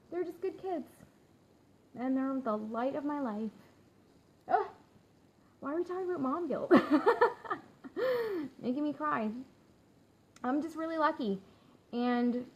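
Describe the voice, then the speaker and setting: A woman in her thirties, a work-from-home mom, chatting candidly to viewers in a casual live stream, with lots of fillers and easy laughter. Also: mid-range voice. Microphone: phone. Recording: slightly dull phone audio with faint hum.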